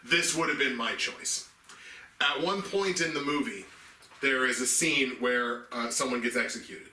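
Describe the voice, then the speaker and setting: A man's voice: mid-range voice, a little slow, sharp tone, distant mic, a little hiss or hum. A man co-hosting a casual movie review chat, talking earnestly and restarting sentences as he explains his picks. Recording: echoey room, mic set back.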